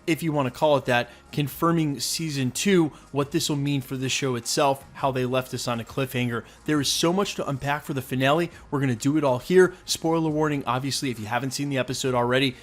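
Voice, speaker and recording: A man's voice: mid-range voice, a little fast, hardly any pauses. A man hosting a fan recap and breakdown video, talking with energy and explaining details point by point. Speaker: host.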